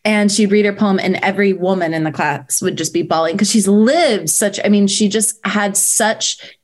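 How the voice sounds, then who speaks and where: A woman who teaches poetry, telling a story in casual chat with a frank, animated way of talking, full of "like" and the odd swear word. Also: mid-range voice, moderate pace.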